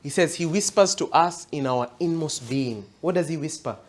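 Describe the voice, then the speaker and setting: A man's voice: a little high, moderate pace. A man preaching a sermon at a church event, emphatic, often asking the audience if they understand. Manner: emphatic, repeats questions to the audience.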